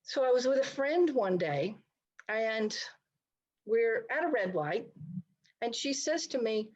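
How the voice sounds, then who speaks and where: A woman's voice: on the high side, animated, slow pace, a little mellow, lo-fi sound. A middle-aged woman counselor giving an online talk, speaking conversationally and addressing her listeners directly. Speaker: licensed counselor presenting a talk. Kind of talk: online presentation to a society.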